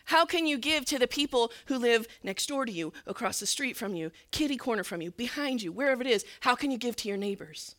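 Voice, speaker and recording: A woman church leader telling a story in a sermon, earnest and sometimes dropping to a soft near-whisper. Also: a little high, lively intonation, fairly quick, few pauses.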